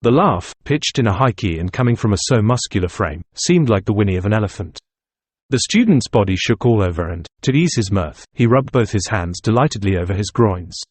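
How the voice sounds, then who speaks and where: A man narrating an audiobook in a measured, literary reading style. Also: fairly low pitch, lively intonation, a little mellow, slightly rough, no room sound. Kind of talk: scripted narration.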